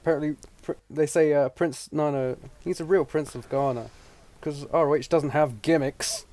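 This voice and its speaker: A man's voice: on the high side, fairly even intonation, normal speed, darkish tone. A man co-hosting a podcast, chatting casually with mocking, profane jokes and frequent laughter. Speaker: podcast co-host.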